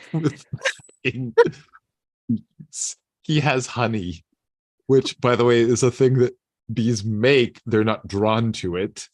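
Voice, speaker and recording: A man's voice: mid-range voice, slow, dry recording. A man co-hosting a casual show recap, rambling with many fillers and restarts and laughing often. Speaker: podcast co-host.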